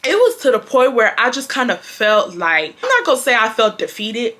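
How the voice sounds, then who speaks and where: A young adult woman telling a personal storytime in a casual, slangy and animated way, talking straight to her viewers. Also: fairly high pitch, fairly quick, few pauses. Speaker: storytime vlogger.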